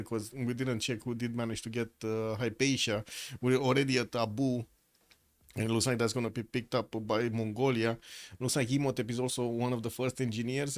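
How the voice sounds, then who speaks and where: A man giving casual solo commentary on a strategy game match, rambling with frequent pauses and restarts, and he has the hiccups. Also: medium pitch. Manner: rambling, hesitant, many uh fillers and restarts. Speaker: esports caster.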